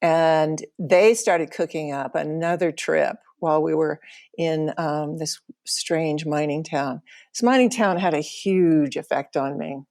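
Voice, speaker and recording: A middle-aged woman with a low, slightly mellow voice tells a personal travel story at an unhurried pace. She's a podcast storyteller, and she gets emotional as she remembers, laughing now and then.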